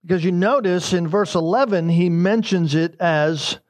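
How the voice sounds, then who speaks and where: A man's voice: high-pitched, moderate pace, a little mellow. A man preaching a verse-by-verse sermon, emphatic and repeating his key lines. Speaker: pastor.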